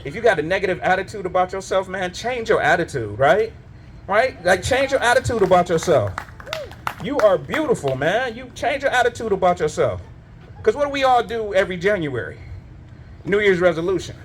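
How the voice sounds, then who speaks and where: A man's voice: high voice, big pitch swings, fairly quick, a little hiss or hum. A male stand-up comedian doing a live set, telling loose, profane stories full of asides. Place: live comedy show at a winery.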